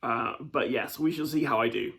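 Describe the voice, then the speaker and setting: A man's voice: mid-range voice, normal speed, creaky, a bit bright. A man from the UK hosting a casual solo board game playthrough, chatty, rambling and self-deprecating as he explains the setup. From United Kingdom. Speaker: board game channel host.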